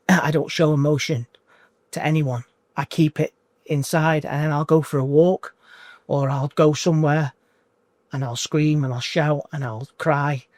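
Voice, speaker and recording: A man in his forties in an emotional interview as a coaching client, talking in halting bursts that repeat and restart. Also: a little high, fairly even intonation, darkish tone, dry recording, studio quality. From United Kingdom. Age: 40s.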